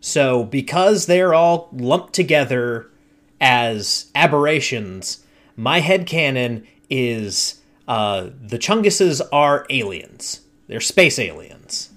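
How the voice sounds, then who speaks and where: A man hosting a casual chat, telling tabletop game stories in a deliberate, unhurried way. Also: mid-range voice, animated, fairly bright tone. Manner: slow, deliberate storytelling. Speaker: podcast host and game master.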